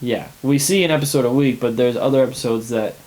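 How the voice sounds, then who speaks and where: A man's voice: mid-range voice, fast talker, a little mellow, low-quality recording. A man co-hosting a casual podcast chat, animatedly retelling scenes and acting out the characters' lines. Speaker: podcast co-host.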